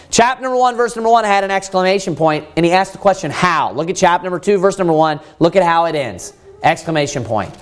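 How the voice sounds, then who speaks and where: A man preaching a Bible teaching sermon, pressing his point with emphatic rhetorical questions and frequent fillers. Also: sits high.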